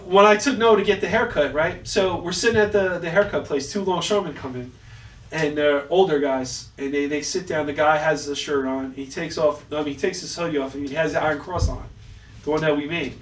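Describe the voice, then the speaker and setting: Guy on a podcast, kinda high voice, tells stories and does all the voices, roomy echo, faint hiss. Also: fairly quick. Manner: animated storyteller, acts out quotes, swears freely. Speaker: podcast co-host. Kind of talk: casual chat. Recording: echoey room, mic at a distance, faint hiss.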